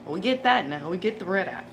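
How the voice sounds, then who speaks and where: A woman's voice: on the low side, expressive, normal speed. A woman reader talking casually in a rambling, profane monologue, laughing often as she rants. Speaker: tarot reader. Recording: background noise.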